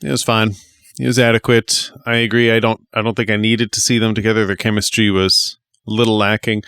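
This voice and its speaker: Easygoing man with a smooth voice. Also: fairly low pitch, little pitch movement, brisk, a bit bright, no room sound, studio quality. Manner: easygoing, offhand. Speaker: podcast co-host or guest. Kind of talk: casual film review chat.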